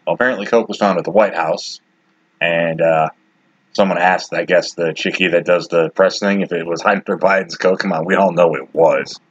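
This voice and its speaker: Podcast host, male, 40s: blunt and rambling, husky voice, dry close sound. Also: low-pitched, fairly even intonation, normal speed, dry recording, lo-fi sound. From Detroit, USA. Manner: rambling, blunt and opinionated, with frequent asides. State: has the hiccups. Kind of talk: casual solo commentary.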